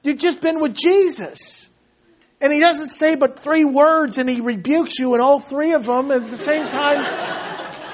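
A male pastor preaching a sermon in an animated way, often laughing and acting out short voices. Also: very high-pitched, lo-fi sound.

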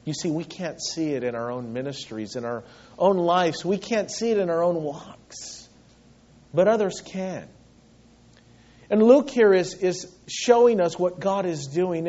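A man's voice: sits high, darkish tone, dull audio. A man preaching a sermon as pastor, earnest and emphatic, repeating phrases for weight.

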